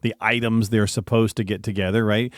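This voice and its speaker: A man's voice: fairly low pitch, flat delivery, fairly quick, no room sound, studio quality. A man co-hosting a talk radio show, upbeat and promotional, reading contact details and prompting questions. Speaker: radio co-host.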